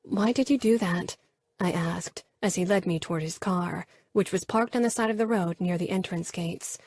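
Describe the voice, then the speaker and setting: A woman narrating an audiobook in the first person with a soft, measured storytelling manner. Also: on the low side, steady tone, dry recording.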